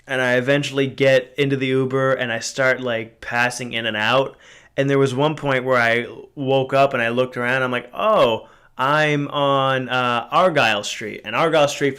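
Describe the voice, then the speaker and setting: A man's voice: medium pitch, fairly bright tone, clean tone. A man in his twenties hosting a podcast, telling a story in a casual, rambling way, with frequent swearing, fillers and restarts. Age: 20s. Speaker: podcast host.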